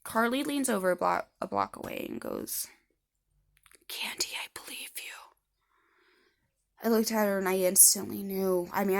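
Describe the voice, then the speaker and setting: A woman's voice: mid-range voice, creaky. A woman in her thirties telling her own story to camera in a blunt, rambling way with heavy swearing. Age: 30s. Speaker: vlogger.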